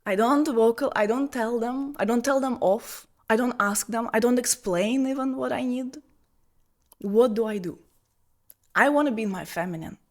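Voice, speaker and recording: A woman telling a personal story as a spiritual teacher, shifting between soft breathy asides and bright, emphatic bursts over a video call. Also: fairly high pitch, moderate pace. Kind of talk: personal storytelling talk on feminine energy.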